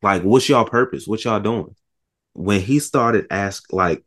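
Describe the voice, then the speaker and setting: A man chatting casually about a movie, retelling scenes with animated voices and lots of swearing. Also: lowish voice, measured pace. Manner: animated storytelling, acts out scenes, swears a lot. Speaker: podcast co-host.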